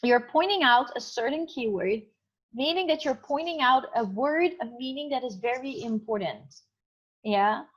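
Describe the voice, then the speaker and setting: Chatty woman teacher, slightly high voice. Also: moderate pace. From Indonesia. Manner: chatty, encouraging, checks for understanding. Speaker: English teacher. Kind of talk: online class teaching. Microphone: video call. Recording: dull muffled video call audio.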